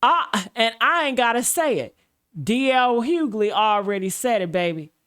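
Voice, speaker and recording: Slow, preachy woman commentator. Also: a little high, animated, fairly bright tone, clear, resonant tone. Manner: preacher-like, repeating phrases. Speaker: commentary host. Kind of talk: scripted commentary monologue.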